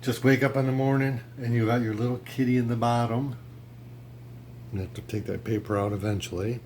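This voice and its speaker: A man's voice: medium pitch, a little fast, slight background noise. Chatty man teaching pottery. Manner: relaxed, chatty, with many fillers and restarts. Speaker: ceramics instructor. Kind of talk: casual how-to demonstration. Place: pottery studio.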